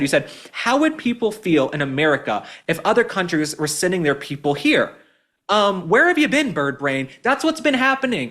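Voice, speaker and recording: A man's voice: sits high, fairly bright tone. A man from Texas hosting a political commentary show, talking with indignant mockery. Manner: indignant, mocking. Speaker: host.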